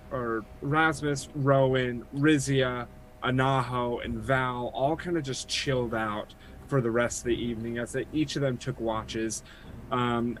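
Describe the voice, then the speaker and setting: A man who plays in a streamed tabletop game, casually recapping the last session in a laid-back, unhurried way. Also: medium pitch, slight background noise, poor audio. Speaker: player.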